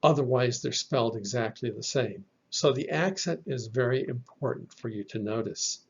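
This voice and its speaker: A man teaching a slide-based lesson on Bible Greek, explaining slowly and patiently with a few fillers. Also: medium pitch, husky, dull audio.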